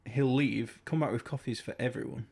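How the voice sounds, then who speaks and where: A man in his middle pitch range co-hosting a podcast. He chats easily, laughs a lot and drops in quick jokes. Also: steady tone, creaky, darkish tone, slightly rough. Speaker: podcast co-host. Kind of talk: casual chat.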